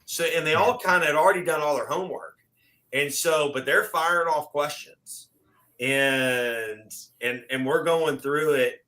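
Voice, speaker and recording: Middle-aged man, bright tone, animated storyteller who acts out the dialogue himself. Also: a little high, unhurried, rough recording. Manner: animated, acts out quoted exchanges. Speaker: guest. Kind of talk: casual storytelling chat.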